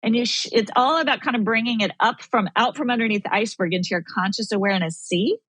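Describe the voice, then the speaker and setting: A woman's voice: a little high, fast talker, fairly bright tone, dry recording, rough recording. A woman speaking as a guest expert on a podcast, earnest and coaching, acting out inner dialogue as she explains. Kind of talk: podcast conversation.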